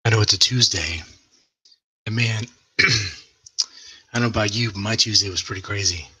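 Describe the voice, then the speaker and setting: A man's voice: fairly low pitch, moderate pace, bright, forceful tone, slightly rough, recorded from a distance, poor audio. A man hosting his own livestream, chatting casually in a loose, rambling way with plenty of swearing. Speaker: livestream host. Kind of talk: casual chat.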